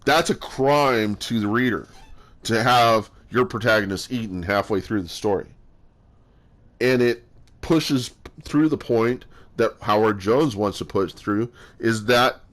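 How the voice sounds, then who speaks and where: A man talking in a rambling casual monologue, halting often with fillers and restarts as he works through his thoughts. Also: medium pitch. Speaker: solo talker sharing his views.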